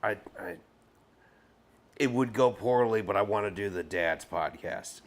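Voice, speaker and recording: A man's voice: lowish voice, a little slow. A man hosting a casual podcast, a playful joker who breaks into laughter. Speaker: podcast host.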